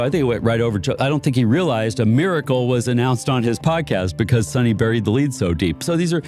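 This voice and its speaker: A man's voice: medium pitch, quick pace, hardly any pauses, a little mellow, soft background music. A man being interviewed as an inventor and investor, telling stories casually and laughing often between phrases. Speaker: inventor and venture capitalist guest.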